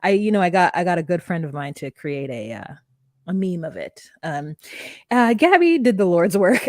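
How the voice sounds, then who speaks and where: A woman co-hosting a casual recap podcast who laughs easily and talks haltingly. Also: on the low side, very animated, darkish tone, dry recording, studio quality. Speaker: podcast co-host. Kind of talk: casual reality-TV recap chat.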